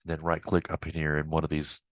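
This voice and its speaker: A man instructor walking through a software tutorial in a casual, chatty way with offhand asides. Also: extremely low pitch, monotone, a little fast, no room sound. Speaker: accounting instructor. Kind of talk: screen-recorded software tutorial.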